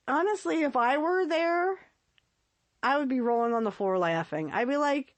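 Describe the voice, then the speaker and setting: A woman's voice: high voice, lively intonation, moderate pace, no room sound. Chatty, giggly woman podcast host. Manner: chatty and giggly, with lots of fillers and repeats. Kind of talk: casual solo podcast monologue.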